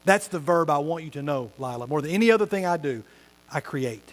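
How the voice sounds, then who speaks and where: A man's voice: on the high side, expressive, fairly quick. A man preaching a sermon as pastor, telling stories animatedly and acting out the voices of the people he quotes. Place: church hall with tables. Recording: long hall reverb.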